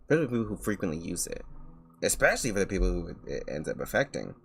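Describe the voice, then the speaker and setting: A low, gravelly man streams as a VTuber, ranting in an exasperated, rambling way that swings widely in pitch. Faint music plays behind him. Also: big pitch swings, very fast, fairly bright tone. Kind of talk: casual stream commentary.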